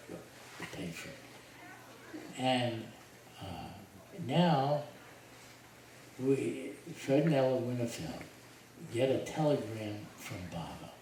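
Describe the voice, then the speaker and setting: An older man speaking in a mid-range voice tells a group about his life, taking his time and enlivening it with quoted voices and laughs. It was recorded at a distance in an echoey hall where noise can be heard.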